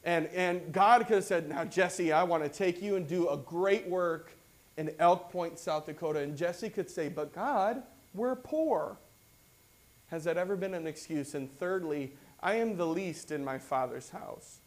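Male pastor, high-pitched, conversational sermon delivery, reads verses and unpacks them. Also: normal speed. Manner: conversational preaching, reads scripture then explains it; acts out quoted voices with rising excitement.

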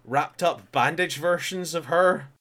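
A man co-hosting a casual podcast chat, recapping an anime and acting out characters' lines in quick put-on voices. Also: a little high, pushed and bright. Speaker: podcast co-host.

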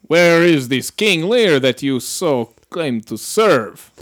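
A man's voice: fairly high pitch, animated, slow pace. A man voicing a pompous sea captain who speaks formally and grandly. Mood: haughty. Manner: haughty, formal speech.

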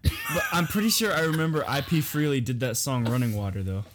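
A man co-hosting a podcast, hesitant and stammering with deadpan jokes. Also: fairly quick. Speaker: podcast co-host. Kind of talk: casual banter. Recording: noisy low-quality recording.

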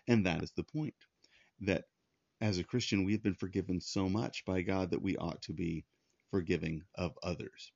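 A man's voice: deep voice, normal speed, vocal fry, a little mellow, no echo, muffled recording. A man preaching a sermon, teaching in an earnest, conversational way and often restarting his sentences. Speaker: pastor.

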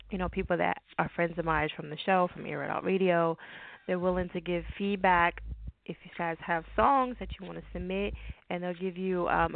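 A woman's voice: fairly low pitch, vocal fry. A woman hosting a radio talk show, talking in a laid-back, slangy, rambling way. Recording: tinny phone-like audio.

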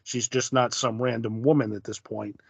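A man casually discussing a comic on a podcast. He speaks in a measured way, and his voice trails off softly at the ends of his thoughts. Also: medium pitch, steady tone, gravelly, husky, dry recording. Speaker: podcast co-host. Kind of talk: casual chat recapping a comic.

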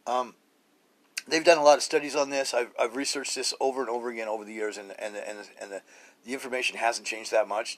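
A middle-aged man recording a spiritual podcast on a cheap phone, talking casually with profanity, restarts and repetition. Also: lowish voice. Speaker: podcast host. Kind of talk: rambling spiritual podcast monologue.

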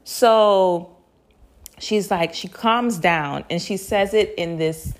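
A young adult woman hosting a podcast, telling a story in a casual, animated way, laughing often and swearing freely with slangy asides. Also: medium pitch, takes it slowly. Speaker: podcast host.

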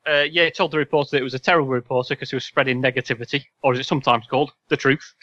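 A man's voice: medium pitch, fairly even intonation, racing, fairly bright tone, no echo, lo-fi sound. A man hosting a casual podcast quiz, reading questions with wry, sarcastic asides. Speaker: podcast host and quizmaster.

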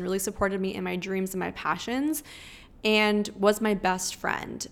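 A young woman hosting a podcast, sharing personal advice in an earnest, chatty monologue. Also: mid-range voice. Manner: earnest, emphatic, chatty with many fillers. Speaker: podcast host.

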